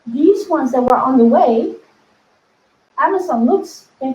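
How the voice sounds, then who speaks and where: A woman spiritual coach talking to her viewers in a casual teaching video, animated, laughing often and acting out inner voices. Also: high voice, unhurried, echoey room, poor audio.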